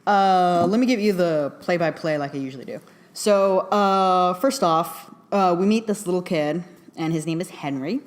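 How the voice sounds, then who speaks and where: Chatty, excitable woman film reviewer. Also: on the low side, normal speed. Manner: chatty and excitable, laughs often, many fillers. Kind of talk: casual spoken film review.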